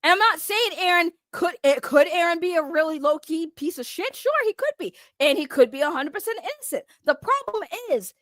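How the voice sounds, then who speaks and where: Very high-voiced woman ranting profanely. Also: lively intonation, fairly quick, few pauses, a bit bright, no echo, clean studio sound. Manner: profane, confrontational, repeats points for emphasis. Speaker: online commentator. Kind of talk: heated ranting vlog.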